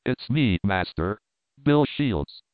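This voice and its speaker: A man voicing a rough country ostler who drawls in rustic dialect and drops his g's. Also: fairly low pitch, lively intonation, slow, no room sound. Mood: plain. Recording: dry, narrow phone-like sound.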